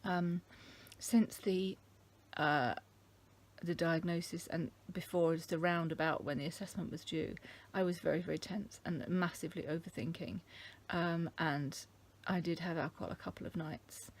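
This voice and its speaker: A middle-aged woman from England talking casually to camera, thoughtful and halting, with many ums. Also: on the low side. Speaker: vlogger. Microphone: camera mic.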